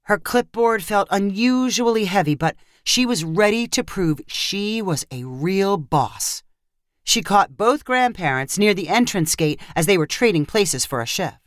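A woman narrating a short story in a scripted way, expressive and acting out the characters. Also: mid-range voice, unhurried, dry recording, clean studio sound.

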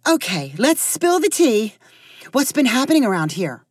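A woman voicing an eager hostess who smooths over awkward moments and loves gossip. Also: medium pitch, big pitch swings, normal speed, no echo, studio quality, voice pushed up. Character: fussy hostess woman, nosy and peacemaking.

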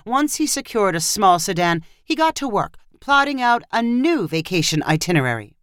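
Woman reading a short story out loud, lively up and down voice, super dry close mic. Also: medium pitch, normal speed, clear, resonant tone, no room sound. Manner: expressive storytelling. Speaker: narrator. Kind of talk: audio fiction narration.

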